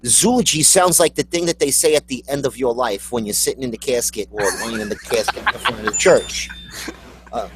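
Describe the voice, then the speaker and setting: A man's voice: medium pitch, lively intonation, brisk, slight background noise, rough recording. A man co-hosting a casual podcast, joking around and riffing on words. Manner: jokey, puts on mock mourner voices. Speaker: co-host.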